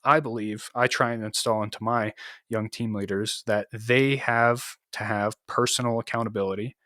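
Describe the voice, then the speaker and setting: A man's voice: lowish voice, fairly even intonation, normal speed, a bit bright, no echo, studio quality. A man, an Army NCO co-hosting a podcast, tells a story in a loose, profane, casual way, full of fillers and acted-out quotes.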